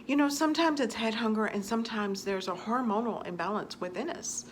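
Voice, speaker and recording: A woman's voice: fairly high pitch, fairly quick, few pauses, slight background noise. A woman vlogger answering viewer questions in a chatty, earnest way, often repeating phrases for emphasis. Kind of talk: casual advice talk to camera.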